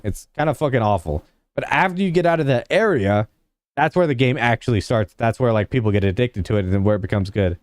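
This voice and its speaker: A man's voice: medium pitch, a little mellow, clear, resonant tone, no room sound, studio quality. A young man casually chatting with his livestream viewers, rambling and filling his talk with "like". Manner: rambling, heavy use of "like" fillers; laid-back, talks to chat.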